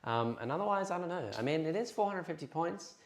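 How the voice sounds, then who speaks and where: A man's voice: fairly high pitch, animated, fast talker, echoey room. A man in casual chat over a tabletop wargame, easygoing and agreeable, reading rules out. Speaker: wargaming player and host.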